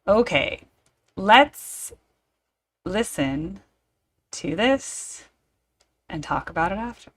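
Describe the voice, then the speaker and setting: A woman's voice: mid-range voice, very animated, extremely slow, long pauses, fairly bright tone. A woman hosting her own reaction video, talking casually to camera with playful, theatrical asides.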